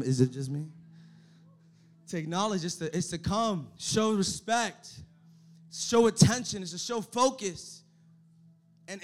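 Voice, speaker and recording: A male pastor delivers a sermon in a notably high voice. He builds to shouted, emphatic runs and then drops to quiet, low-pitched passages. He stammers and repeats words as he restarts his sentences.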